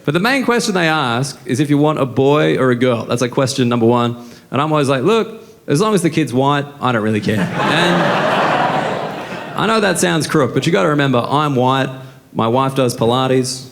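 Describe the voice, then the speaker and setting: An Australian man in his thirties doing a stand-up set on stage, with brash, profane, deadpan storytelling into a handheld mic. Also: mid-range voice, normal speed. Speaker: stand-up comedian. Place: comedy stage before a live audience. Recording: live set with clear background noise.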